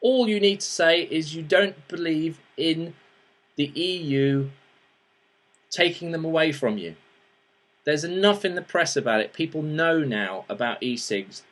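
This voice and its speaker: A man's voice: a little high, expressive, measured pace, fairly bright tone. A man hosting a casual show-and-tell review, chatty and rambling with restarts and fillers, turning earnest and pleading when he urges viewers to act. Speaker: host reviewing vaping gear.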